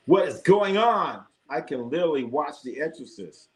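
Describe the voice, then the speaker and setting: A man hosting a casual sports livestream, reacting to the chat in a jokey, animated way. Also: on the high side, normal speed. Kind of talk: casual live chat commentary.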